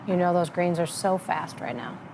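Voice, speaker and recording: A woman's voice: on the low side, moderate pace, noisy background. A woman from Minnesota bantering playfully as a golf co-commentator. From Minnesota, USA. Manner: playful, chatty. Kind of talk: casual broadcast banter.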